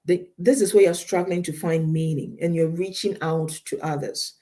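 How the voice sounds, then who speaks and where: Emphatic woman counselor, mellow voice. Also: on the low side, steady tone, moderate pace. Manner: emphatic, repeats key points, direct advice to listeners. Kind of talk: counseling talk on a radio show.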